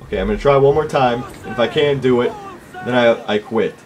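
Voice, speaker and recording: A man giving casual let's play commentary, excitable and frustrated, with outbursts and shouts at the game. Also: medium pitch, fairly quick. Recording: game music loud behind voice. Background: game music.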